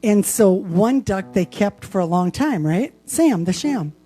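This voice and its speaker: A woman's voice: medium pitch, lively intonation, measured pace, dark tone, breathy edge, soft background music. A woman from Wisconsin hosting a live home concert stream, chatting casually and enthusiastically between songs. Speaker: singer and show host. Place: home, indoors.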